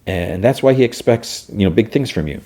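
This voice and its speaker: A man's voice: fairly low pitch, lively intonation, brisk, warm tone, pitched above the performer's own voice, natural voice. A man doing a kind woman scientist. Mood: gentle. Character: kind female scientist mentor.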